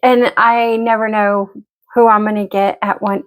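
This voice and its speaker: A woman's voice: medium pitch, little pitch movement, measured pace. A middle-aged woman venting frankly and emotionally to camera as she gets ready, swearing freely. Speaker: vlogger. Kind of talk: candid talk to camera while getting ready.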